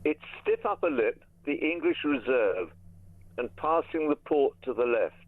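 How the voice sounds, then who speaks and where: A man's voice: mid-range voice, expressive, no echo. Man reciting a poem down a phone line. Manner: measured, rhythmic recitation. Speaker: caller. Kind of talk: reciting his own poem. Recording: tinny dry phone line.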